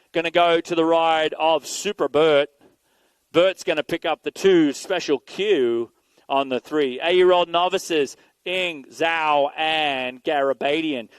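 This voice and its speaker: A man giving energetic live play-by-play commentary at an outdoor BMX race, calling out riders and bike numbers. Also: on the high side, smooth, no echo. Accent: Canadian. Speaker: race announcer.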